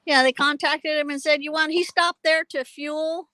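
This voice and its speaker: A woman hosting a casual live phone stream from her backyard garden, talking loudly and rambling with fillers. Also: high-pitched, steady tone, moderate pace, a little hiss or hum, low-quality recording. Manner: loud, chatty, rambling with fillers. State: hard of hearing. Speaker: channel host. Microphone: phone held while walking.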